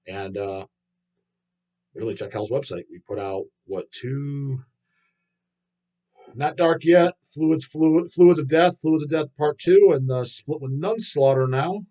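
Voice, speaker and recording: A man's voice: mid-range voice, a little mellow. A middle-aged man hosting a livestream, ranting in a swaggering, foul-mouthed, mocking way. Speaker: livestream host. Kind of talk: profane casual rant.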